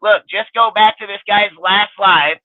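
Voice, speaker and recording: A man rants defiantly on his own fan livestream, swearing constantly and daring critics to leave. His voice sits on the high side for a man. The sound is dry and squeezed thin, like a phone call. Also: unhurried, dry recording. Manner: angry, profane and defiant. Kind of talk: profane ranting livestream talk.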